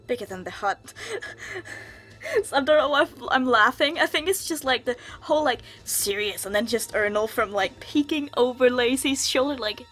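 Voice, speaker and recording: A woman's voice: high-pitched, expressive, a little slow, a bit bright, soft background music. A woman playing through a visual novel, reading it aloud and breaking into giggly, chatty asides. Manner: giggly, chatty asides between read lines. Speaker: let's-play gamer.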